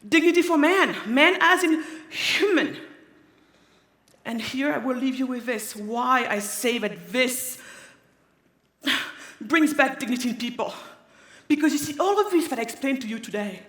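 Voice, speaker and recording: A woman's voice: sits high, measured pace, a bit bright. Emphatic woman speaking in an echoey hall. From Africa. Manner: emphatic, repeats key phrases. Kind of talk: inspirational conference talk. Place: large hall on stage. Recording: echoey hall, long reverb.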